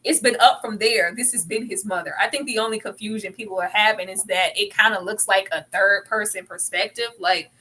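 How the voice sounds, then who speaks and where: A woman's voice: a little fast, few pauses, husky, rough recording. A woman on a TV recap panel, talking animatedly in casual chat and jumping into acted-out quotes. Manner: animated, acts out quotes with big pitch jumps.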